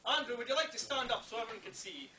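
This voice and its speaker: High-voiced Scottish man telling jokes. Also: very fast, sharp tone. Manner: chuckles at his own jokes. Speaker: speaker at a function. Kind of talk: joke-telling speech. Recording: echoey hall picked up from far off, noisy.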